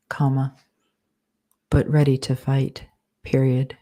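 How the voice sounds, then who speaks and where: Woman author dictating fiction live, low flat voice, measured, punctuation spoken. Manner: slow, measured, speaking punctuation aloud.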